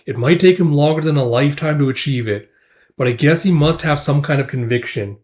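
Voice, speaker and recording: A man's voice: on the high side, brisk, darkish tone, close to an everyday voice. A man voicing a thoughtful, easygoing male mercenary in a casual comic recap, explaining things in a reflective way.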